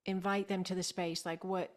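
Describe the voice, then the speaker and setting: A woman's voice: fairly low pitch, flat delivery, moderate pace. Effusive woman hosting a call. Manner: effusive, repeats praise, laughs often. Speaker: host. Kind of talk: warm celebratory interview on a video call. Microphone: video call.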